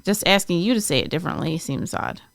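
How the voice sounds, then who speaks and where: A woman's voice: on the low side, very animated, fast talker, gravelly, dry recording. A woman co-hosting a podcast, chatting casually with matter-of-fact replies. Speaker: podcast co-host. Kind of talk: casual chat.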